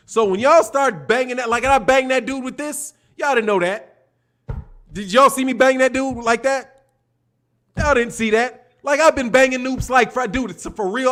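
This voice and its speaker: A man's voice: extremely high pitch, fairly bright tone. A man hosting a boxing live stream, rambling and profane in casual chat. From Chicago. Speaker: boxing show host.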